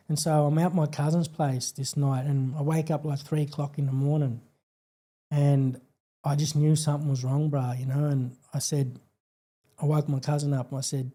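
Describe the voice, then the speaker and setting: Australian man, guest, very dark and flat-toned, earnest halting storyteller. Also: fairly high pitch. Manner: halting, earnest, many fillers and restarts. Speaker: podcast guest. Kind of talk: personal storytelling in an interview.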